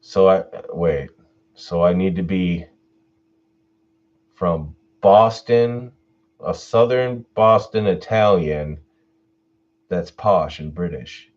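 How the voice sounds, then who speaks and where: A man who narrates horror stories online, chatting casually in a relaxed, laughing way. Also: low voice, takes it slowly, long pauses, muffled recording. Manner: relaxed, laughing, answers voice requests. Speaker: YouTube horror story narrator. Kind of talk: casual Q&A chat.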